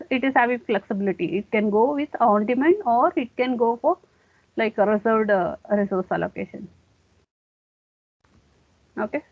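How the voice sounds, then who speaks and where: A woman's voice: fairly high pitch, dry recording. A woman giving a classroom lecture, explaining step by step and often saying okay. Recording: dry, tinny phone-like sound.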